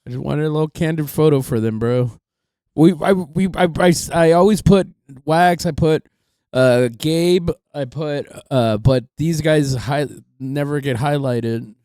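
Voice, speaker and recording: Relaxed joking young man, dry sound. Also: on the high side, unhurried, smooth, no echo. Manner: relaxed, joking, swears often. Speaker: podcast host. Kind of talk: casual podcast chat.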